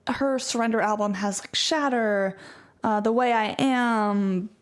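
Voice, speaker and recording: A woman co-hosting a podcast in casual chat, talking quickly with lots of "like" fillers. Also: fairly high pitch, fairly even intonation. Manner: chatty, frequent "like" fillers. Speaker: podcast co-host.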